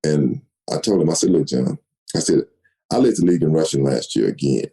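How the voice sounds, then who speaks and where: A man in his sixties, a guest in an interview, telling stories with lively delivery and acting out quoted dialogue. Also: rumbling low, a little fast, gravelly, low-quality recording. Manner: animated storyteller, acts out quoted dialogue. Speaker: guest, retired football player. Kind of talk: storytelling interview.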